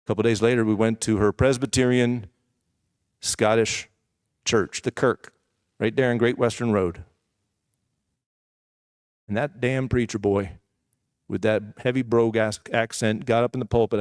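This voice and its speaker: A man's voice: on the low side, steady tone, moderate pace, pauses often, darkish tone, smooth, no echo, clean studio sound. A man preaching a sermon as a personal testimony, telling his story candidly and conversationally with asides to the congregation. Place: church.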